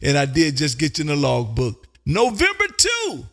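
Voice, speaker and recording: A man from Texas hosting a live ham radio show. He talks loudly and excitedly, drawing out call signs as he reads them. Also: mid-range voice, brisk, creaky, faint music behind. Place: home radio room.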